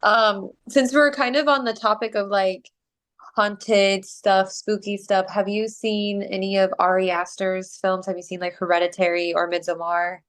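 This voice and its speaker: A woman from Arizona hosts a casual podcast chat. Her voice sits at a middle pitch. She talks in a chatty way, with quick laughs and easy fillers. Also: flat delivery. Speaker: podcast host.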